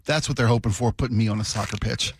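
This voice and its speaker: A man's voice: on the low side, fast, slightly rough, dry recording, studio quality. An American man co-hosting a radio talk show, wry and self-deprecating, often laughing. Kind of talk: casual radio banter.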